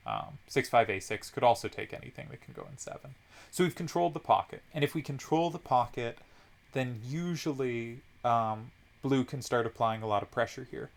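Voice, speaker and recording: A man's voice: mid-range voice, vocal fry. A man commentating a card game tournament, analyzing each move step by step with frequent ums.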